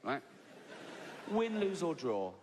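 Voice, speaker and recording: A man's voice: on the high side, sing-song, slow, heavy background noise. An English man in his sixties doing a stand-up routine, swearing freely, tagging lines with "right?" and laughing at his own story. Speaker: stand-up comedian. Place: large theatre stage. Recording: reverberant live venue, faint ambience.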